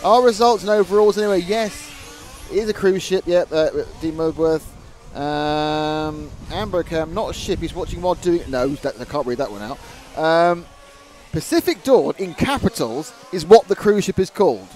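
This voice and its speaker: A man's voice: fairly high pitch, moderate pace, few pauses, a little mellow. A man commentating a live model car race, joking and reading viewer comments aloud. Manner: jokey, chatty, reads viewer comments aloud.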